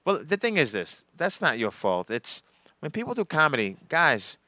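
A man's voice: a little high, sing-song, moderate pace, bright, forceful tone, dry recording. A male comedian, a guest on a podcast, talking about his gigs in a laid-back casual chat and laughing easily.

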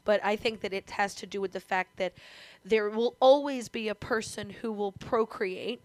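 A woman's voice: mid-range voice, moderate pace, dry recording. Reflective woman podcast host. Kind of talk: casual chat.

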